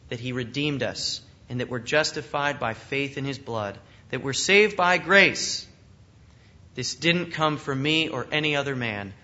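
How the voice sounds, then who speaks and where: Brief: male preacher, earnest expository sermon, bright forceful tone, slightly raised pitch, muffled lo-fi recording. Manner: earnest, emphatic, asks the congregation questions.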